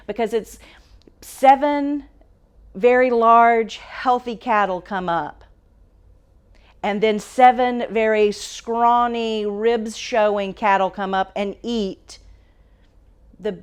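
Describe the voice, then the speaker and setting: A woman's voice: mid-range voice, fairly even intonation, slow, smooth. A woman leading a Bible study in a casual, conversational way. She speaks in a mid-range voice, asks her listeners questions and corrects herself as she talks.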